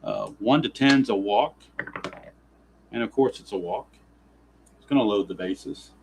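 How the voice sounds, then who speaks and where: A man's voice: lowish voice, unhurried, creaky, breathy edge, poor audio. Grumbling man narrating a dice baseball game. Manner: exasperated, sarcastic grumbling about dice rolls. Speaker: tabletop baseball simulation player narrating. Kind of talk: play-by-play style game narration.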